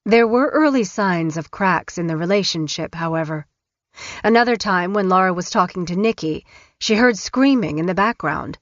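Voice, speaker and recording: A woman narrating an audiobook in a measured, even way. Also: lowish voice, no room sound. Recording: dull, dry studio recording.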